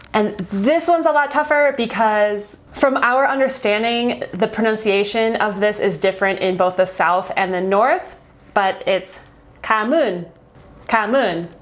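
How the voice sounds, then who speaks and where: Woman, American, young adult, travel vlogger, casual explainer, upbeat. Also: fairly high pitch. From United States. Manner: chatty and upbeat, laughs between points.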